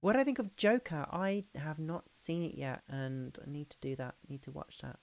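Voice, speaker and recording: Gravelly chatty woman streamer. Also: deep voice, lively intonation, normal speed, darkish tone. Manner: chatty, laughing, restarts sentences. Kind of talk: casual chat.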